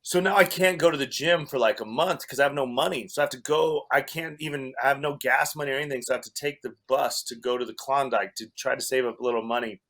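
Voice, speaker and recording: A man's voice: mid-range voice, fairly even intonation, quick pace, few pauses, fairly bright tone. A man from Wyoming, a comedian guest, casually telling a story with restarts and laughter. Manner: rambling, self-interrupting, laughs through the story.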